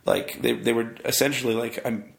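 A man's voice: medium pitch, flat delivery, a little fast, gravelly, echoey room. A man chatting casually as a podcast guest, rambling with many fillers and restarts. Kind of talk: casual chat.

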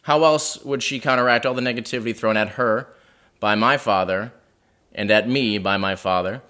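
A man's voice: medium pitch, normal speed, pushed and bright. A man telling a wry, self-deprecating personal story at a live house show in a living room.

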